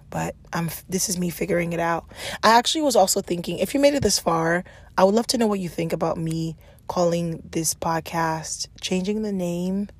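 A woman's voice: on the low side, no room sound. A woman, hosting her own solo podcast in a candid, rambling way. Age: 20s. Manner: animated, rambling, with bursts of laughter and self-talk. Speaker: podcast host.

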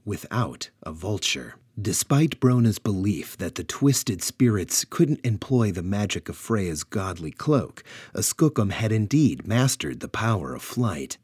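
A man's voice: fairly low pitch, a little slow, few pauses, slightly rough, no echo, clean studio sound. A man narrating a dramatic pulp adventure story. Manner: animated, dramatic.

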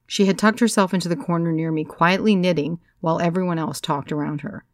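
A woman narrating a first-person story as an audiobook, in a measured, wry storytelling manner. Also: lowish voice, fairly even intonation, no room sound, clean studio sound.

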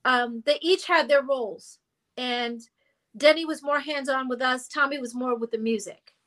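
A middle-aged woman, a former girl group singer, telling animated stories in a casual interview and acting out the people she quotes. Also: high voice, moderate pace. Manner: animated storyteller who acts out quotes and sings notes.

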